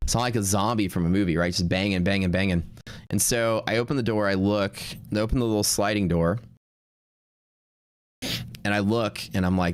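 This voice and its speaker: A man with a low voice tells stories on a livestream in a loose, rambling way, restarting his sentences and filling gaps with "like" and "um". Faint music plays behind him. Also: brisk, clean tone, no echo. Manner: rambling, laid-back, full of fillers and restarts. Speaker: streaming day-trading host. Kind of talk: casual storytelling on a livestream.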